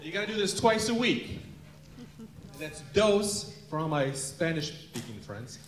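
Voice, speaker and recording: A man's voice: on the high side, big pitch swings, measured pace. A man doing self-deprecating stand-up comedy on stage at a benefit show, acting out voices. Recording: echoey hall with laughing crowd. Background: audience laughter.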